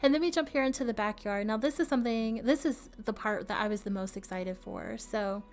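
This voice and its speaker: A woman's voice: a little high, a little fast. A woman chatting casually through a voice-over about her build, laughing often and adding friendly asides, with the hiccups. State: has the hiccups. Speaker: game builder narrating a build video.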